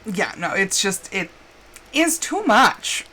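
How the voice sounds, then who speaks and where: This farming-game livestreamer drifts through a story while gaming, using lots of fillers and playful theatrics in her casual chat. Her medium-pitched voice is very animated, pushed and bright, and she takes her time speaking.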